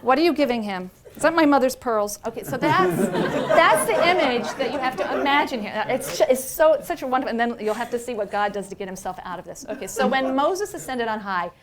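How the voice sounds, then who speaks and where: A middle-aged woman professor giving a lecture. She talks in an animated, playful way and checks in with "right?" as she goes. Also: fairly high pitch, a little fast, few pauses, a crowd in the background. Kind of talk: lecture on religious texts.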